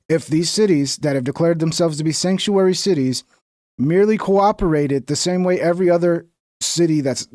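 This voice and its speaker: A man's voice: on the high side, darkish tone, dry recording, clean studio sound. A man giving casual live-stream commentary on news clips, crude, swearing and mocking.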